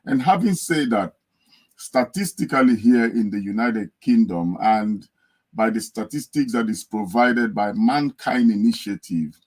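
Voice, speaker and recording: A man's voice: fairly low pitch, measured pace, a little mellow, low-quality recording. A man speaking on a podcast, earnest and telling stories to make his point. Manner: earnest, storytelling, acts out a wailing wife. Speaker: guest speaker. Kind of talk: podcast discussion. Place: United Kingdom.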